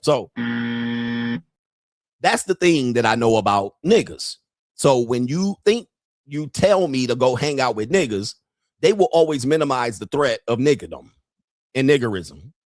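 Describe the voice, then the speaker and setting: A man's voice: medium pitch, animated, measured pace, pauses often, dry recording, clean studio sound. A man hosting a show, delivering a blunt, profane casual rant that repeats its points and acts out quoted voices. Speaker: show host.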